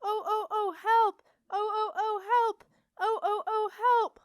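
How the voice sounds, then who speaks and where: A woman voicing a hysterical magic door lock with a piercingly high, metallic shriek. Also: steady tone, slow pace, dry recording, studio quality. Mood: panicked.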